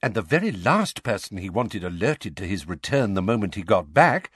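A male narrator voicing a calm, thoughtful wizard who explains in a measured way. The voice is fairly low with lively pitch movement. It is a dry, close audiobook reading. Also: slightly rough, dry recording, full character voice. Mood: explaining.

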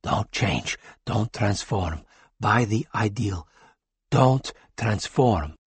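A man's voice: lowish voice, animated, drawn-out words, slightly rough, no room sound, pitched below the performer's own voice, heavily acted. A man doing a courtly alien doctor, Tachyon. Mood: soothing. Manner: soft and soothing to patients, sharp when ordering. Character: alien male doctor, courtly, calm in crisis.

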